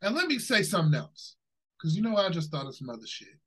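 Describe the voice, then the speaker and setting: Male podcast co-host, bright husky voice, big lively pitch swings, ranty and jokey. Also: fast, rough recording. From Ohio, USA. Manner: animated, ranting, laughs often, swears freely. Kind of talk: casual podcast chat.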